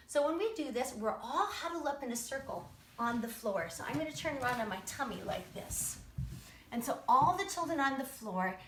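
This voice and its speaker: Brief: upbeat woman kids' music teacher, sing-song and encouraging, fairly high voice, roomy sound. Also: a bit bright. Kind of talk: live-streamed lesson with chants. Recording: roomy echo.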